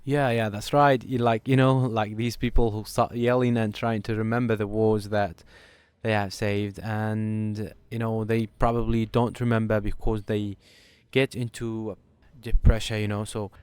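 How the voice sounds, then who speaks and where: A man's voice: on the low side, flat delivery, a little slow, darkish tone, smooth, dry recording. A man hosting a casual interview, chatty and peppering his questions with fillers. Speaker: host.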